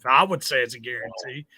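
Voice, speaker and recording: Bright-voiced teasing man. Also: mid-range voice, slightly rough, no echo. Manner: joking, teasing, profane. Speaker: podcast co-host, musician. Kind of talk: casual chat.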